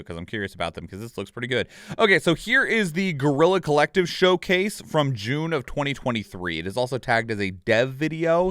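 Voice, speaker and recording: A man casually reacting to a game trailer, excitable and rambling with lots of fillers. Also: medium pitch, smooth, dry recording, studio quality.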